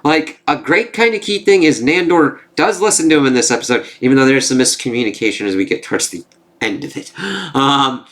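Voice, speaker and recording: Speaking at a medium pitch and a fairly quick clip, this male TV reviewer runs through an episode recap. It's loose and rambling, full of fillers and open cursing.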